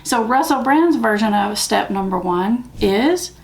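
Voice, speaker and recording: A woman's voice: medium pitch, expressive, unhurried, gravelly. A woman with a Southern US accent, hosting a recovery channel and talking candidly and emphatically to the camera. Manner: candid, plain-spoken, emphatic. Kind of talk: casual talk to camera.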